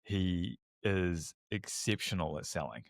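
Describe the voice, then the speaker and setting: A man hosting a podcast, talking in a calm, measured and affirming way with a gravelly voice. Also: sits low, no room sound, studio quality. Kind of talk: casual interview chat.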